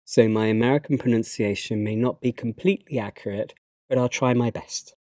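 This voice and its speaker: A man with a British English accent, narrating a slide lesson and giving learners instructions in a measured, instructive way. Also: mid-range voice, fairly even intonation, darkish tone, dry recording, studio quality. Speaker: English teacher.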